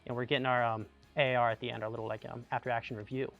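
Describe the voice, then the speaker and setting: Over faint music, a Tucson, Arizona native and army veteran races through his words at medium pitch, and the recording's high frequencies are cut off. The young man is animated and chatty, telling casual stories with plenty of "like" and restarts.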